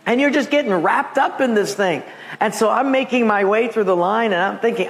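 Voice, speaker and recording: A man's voice: high-pitched, fairly quick. A man preaching a sermon in a church, telling stories and acting out the people in them. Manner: animated, acts out voices and quotes, laughs with the congregation. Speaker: pastor. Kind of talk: sermon with storytelling. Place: church with a live congregation.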